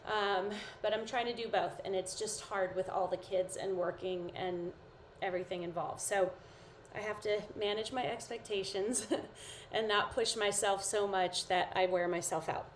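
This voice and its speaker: A woman's voice: medium pitch, fairly even intonation, normal speed. Chatty, encouraging female fitness coach counting reps on a live stream, slightly sleepy; roomy echo, distant mic, faint background noise. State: sleepy, yawning. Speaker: fitness instructor. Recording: echoey room, voice far from mic, faint noise.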